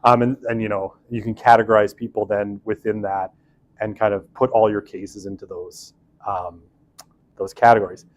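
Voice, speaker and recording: A man's voice: fairly low pitch, flat delivery, normal speed, dull audio. Chatty man lecturing a class. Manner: chatty, many fillers and asides, self-deprecating. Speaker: university lecturer.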